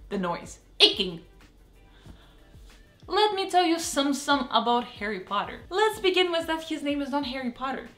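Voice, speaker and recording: Young female vlogger, Russian accent, high pitch, playful and animated; echoey room, faint music bed. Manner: animated, playful, exaggerated emphasis. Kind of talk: casual vlog commentary.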